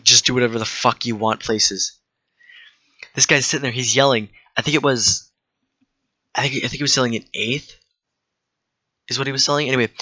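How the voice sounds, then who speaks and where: A man's voice: medium pitch, dry recording, dull audio. A man giving casual commentary while playing a trivia game, rambling into stories and swearing freely. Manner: rambling, excitable storyteller who swears freely. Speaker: gaming video creator.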